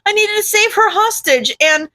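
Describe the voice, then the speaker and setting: A timid teenage boy who fumbles his words with little ums and uhs, as a woman storyteller voices him. The voice sits high and bright. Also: animated, moderate pace, full character voice. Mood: hesitant. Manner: hesitant, stammering with ums. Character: shy, flustered teenage boy hacker.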